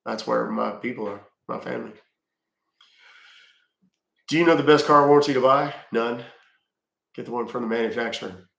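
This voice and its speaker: A man's voice: medium pitch, normal speed, gravelly, pauses often, a bit bright, roomy sound. A middle-aged man from Texas hosting a casual livestream, reading viewer questions aloud and answering bluntly with dry jokes. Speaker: livestream host answering chat.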